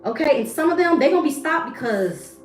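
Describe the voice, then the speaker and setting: A tarot reader with a high, animated voice gives a casual reading to camera at a brisk pace. She's blunt, slangy, and profane, recorded in an echoey room with faint music.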